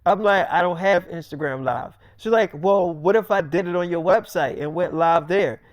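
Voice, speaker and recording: A young man tells a freestyle comic story, acting out every character himself and dropping low and soft for his own lines. He speaks at a normal pace, with no echo.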